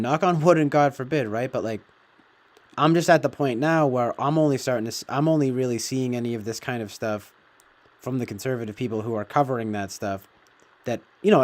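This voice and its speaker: Rambling, profane man talking casually. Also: medium pitch. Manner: profane, meandering, filler-heavy.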